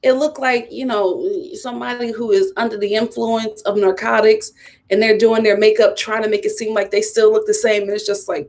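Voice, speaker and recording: A woman's voice: fairly high pitch, level tone, normal speed, a little mellow. A young woman giving a casual, sassy recap of a reality TV episode, often talking straight to the people on screen. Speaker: reality TV reviewer.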